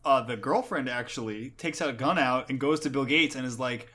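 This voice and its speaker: A man's voice: mid-range voice, fairly even intonation, normal speed, hardly any pauses, fairly bright tone. A man co-hosting a podcast, chatting and explaining plot details in casual talk. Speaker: podcast co-host. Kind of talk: casual comic book discussion.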